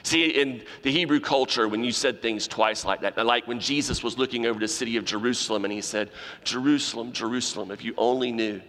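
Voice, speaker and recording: A man's voice: mid-range voice, a little fast, few pauses. Preaching man in a reverberant church. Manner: animated preaching, acting out quoted voices. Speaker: pastor. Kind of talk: sermon. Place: church sanctuary. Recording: long reverb of a large hall.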